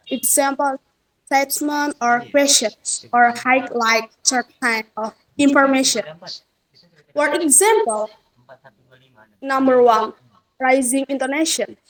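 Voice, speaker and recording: A woman, a student presenter slowly explaining course material, hesitating over her words. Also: high voice, rough recording. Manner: slow, hesitant explaining with fillers.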